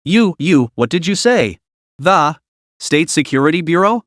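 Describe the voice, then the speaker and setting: A man's voice: a little high, very animated, measured pace, a bit bright, dry recording, clean studio sound. A man voicing a bullying, blustering middle-aged male finance boss in a comic recap story. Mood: flustered. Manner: blustering, threatening.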